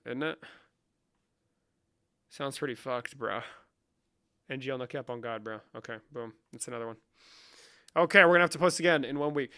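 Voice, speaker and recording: A man's voice: a little high, pushed and bright. A man rambling through a comedic vlog in a profane, mock-serious, running banter. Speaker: comedic creator. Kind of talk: comedic screen-share vlog.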